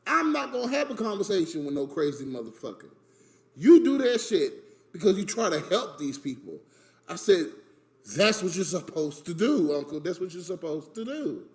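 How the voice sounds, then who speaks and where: A man telling a story about his family in an animated, emphatic way. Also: sits high, normal speed. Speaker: streamer in a played clip. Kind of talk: casual storytelling rant.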